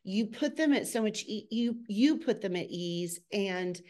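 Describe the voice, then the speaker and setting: A middle-aged woman speaking at a natural, middle pitch, chatting casually as a podcast guest. She tells stories with energy, speeding up in bursts and bouncing from thought to thought. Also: measured pace. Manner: animated, acts out quotes with a high excited voice. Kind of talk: casual storytelling chat.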